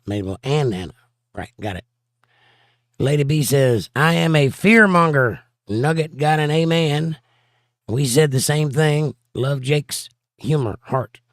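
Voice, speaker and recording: Hoarse guy reading chat on his stream, playful jokes, dry close sound, mid pitch. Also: darkish tone, no echo. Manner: joking, playful banter. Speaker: livestream host reading chat. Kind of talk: casual chat.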